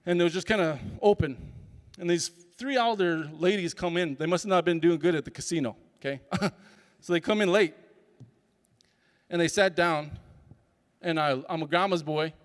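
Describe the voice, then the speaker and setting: High-voiced man telling a story in a hall. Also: clear, resonant tone. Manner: animated storyteller acting out dialogue. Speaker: speaker and comedian. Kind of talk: personal storytelling talk at a summit. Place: large conference hall. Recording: long hall reverb.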